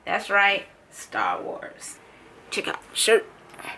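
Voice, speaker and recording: A young woman talking casually and playfully to camera in a fan-theory vlog, full of animated asides. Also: mid-range voice, slow pace, creaky, a little hiss or hum. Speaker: vlogger.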